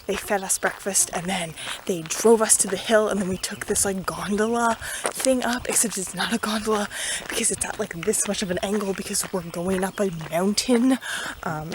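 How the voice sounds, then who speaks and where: A woman's voice: mid-range voice, normal speed, noisy background. A young woman telling a dramatic story in a casual vlog, out of breath as she walks up a hill path. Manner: chatty and dramatic, many fillers. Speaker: vlogger. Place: outdoors on a forest hill path. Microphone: handheld camera.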